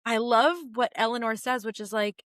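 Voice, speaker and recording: A woman's voice: a little high, normal speed, dry recording, studio quality. A young woman hosting a podcast, chatting animatedly about a TV series, swearing casually and acting out the characters' lines. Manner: animated, swears casually, acts out quotes in a raised voice. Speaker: podcast host. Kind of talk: casual recap commentary.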